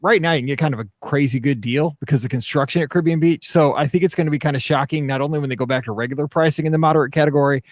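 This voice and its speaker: A man's voice: fairly high pitch, rapid-fire, hardly any pauses, no room sound, studio quality. A man hosting a casual podcast, chatty and laughing easily, reading listener questions aloud. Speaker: podcast host. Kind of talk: casual chat.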